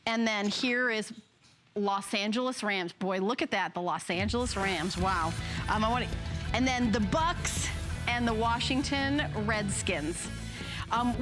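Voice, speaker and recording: A woman in her fifties hosting a live home shopping show, chatty and rambling, often correcting herself and laughing along the way. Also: on the high side. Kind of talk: live product presentation.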